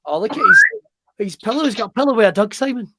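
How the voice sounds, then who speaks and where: A Scottish man hosting a casual chat show, sweary and excitable in his banter. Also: extremely high pitch, quick pace, very noisy. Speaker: podcast host.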